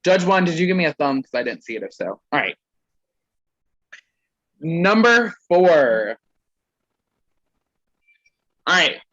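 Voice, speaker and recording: A man's voice: fairly high pitch, very animated, fast talker, bright, forceful tone, muffled recording. A young man casually reading roasts aloud to a group on a call, stumbling over words and laughing.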